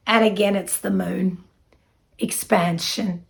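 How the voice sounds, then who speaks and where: A middle-aged woman, giving a spiritual card reading in a soft, earnest, reassuring way with many fillers. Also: on the low side, steady tone, moderate pace, creaky. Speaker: psychic card reader.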